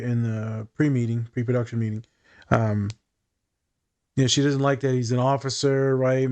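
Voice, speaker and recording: A man's voice: mid-range voice, a little mellow. Blunt, candid man, casual talk. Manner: candid, blunt, swears freely; thinking aloud with fillers and restarts. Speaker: podcast co-host. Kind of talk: casual discussion.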